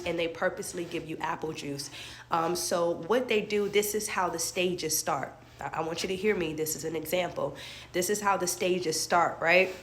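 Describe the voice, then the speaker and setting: A woman's voice: lowish voice, moderate pace, fairly bright tone, slight background noise. A woman life coach giving an earnest motivational talk, repeating her points and speaking straight to her viewers.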